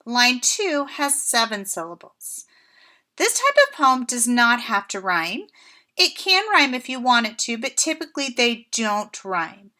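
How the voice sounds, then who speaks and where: A woman teaching a first grade class from home, speaking slowly and clearly with an encouraging teacher's manner. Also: a little high, pushed and bright. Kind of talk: remote lesson for young children.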